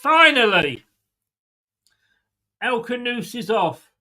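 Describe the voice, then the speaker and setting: A man's voice: high voice, expressive, measured pace, pushed and bright. A man hosting a live football watchalong, blunt and sweary, sarcastic and exasperated as he reacts to the match and teases his chat. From England. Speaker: fan channel watchalong host.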